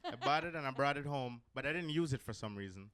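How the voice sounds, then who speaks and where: A stand-up comedian from Jamaica, speaking fast and animatedly in a mid-range, slightly bright voice, performs for a club audience. He meanders with many ums between his crude punchlines.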